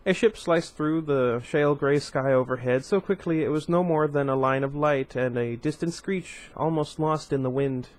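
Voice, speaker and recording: A man's voice: a little high, moderate pace, hardly any pauses. Man with a slight lisp reading aloud. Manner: chatty asides between passages. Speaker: book reader.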